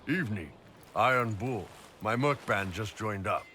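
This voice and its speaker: A man voicing a soldier and commander in a video game, speaking in a steady, assured way. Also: on the low side, a little slow, a little hiss or hum. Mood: casual. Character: gruff male soldier and commander.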